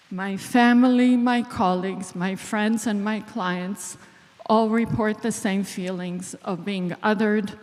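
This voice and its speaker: An Israeli woman, a clinical psychologist, giving a deliberate speech to an audience. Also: medium pitch, a little mellow. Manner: slow, deliberate, emotional at moments. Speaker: clinical psychologist, event organizer. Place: large hall. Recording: long reverb of a large hall.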